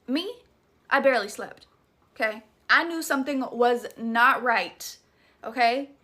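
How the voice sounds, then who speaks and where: A woman's voice: a little high, a little slow, sharp tone. A young woman with a Southern US accent, dramatically telling a scary story in a chatty, profane, casual way. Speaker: TikTok creator.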